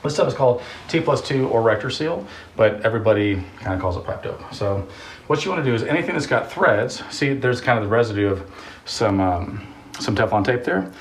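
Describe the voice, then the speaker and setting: A man's voice: mid-range voice, expressive, a little fast, slight background noise. A man hosting a casual do-it-yourself vlog, telling stories in a chatty, rambling, joking way. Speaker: host, contractor. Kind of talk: casual DIY vlog with storytelling. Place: house under renovation. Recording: roomy sound from off-mic.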